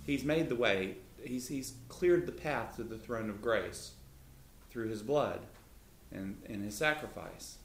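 Male co-host, casual Bible talk, jumps higher for quotes; roomy, slightly noisy recording. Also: a little slow. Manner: lively, pitch jumps up when voicing Jesus. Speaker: co-host of a Christian talk show. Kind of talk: conversational Bible teaching. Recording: echoey room.

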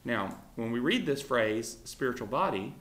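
A man's voice: mid-range voice, expressive, normal speed, a bit bright. Guy teaching bible class, chatty, lots of you knows, echoey room. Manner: conversational, full of fillers, asks the class questions. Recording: roomy echo.

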